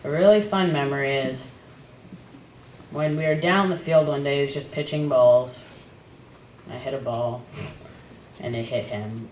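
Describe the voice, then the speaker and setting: A young man, son of the deceased, giving a memorial speech in a halting, wry manner with frequent hesitations. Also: medium pitch, a little mellow. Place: memorial service hall. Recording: echoey hall from far off with background noise.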